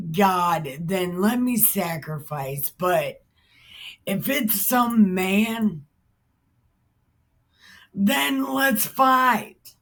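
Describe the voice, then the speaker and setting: A woman's voice: fairly high pitch, fairly bright tone, pitched above the performer's own voice, full character voice. A woman voicing a young male outlaw hero who talks in blunt, confrontational street slang.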